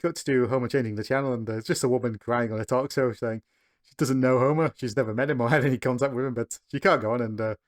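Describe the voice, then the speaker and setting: A man's voice: medium pitch, fairly even intonation, fast talker. A man co-hosting a podcast, recapping a cartoon episode in casual chat and chuckling between beats.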